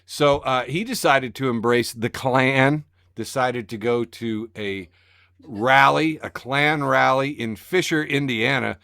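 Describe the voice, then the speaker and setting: A man co-hosting a casual podcast, sarcastic and animated, often breaking into laughter. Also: medium pitch, takes it slowly, vocal fry, clean tone, dry recording, clean studio sound. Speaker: podcast co-host reading the news. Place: home studio on a video call.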